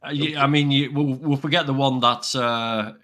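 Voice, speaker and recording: A man's voice: medium pitch, fairly even intonation, normal speed, a bit bright. A man in casual chat on a live stream, teasing his co-host and often restarting his sentences. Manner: hesitant, many restarts and fillers, teasing.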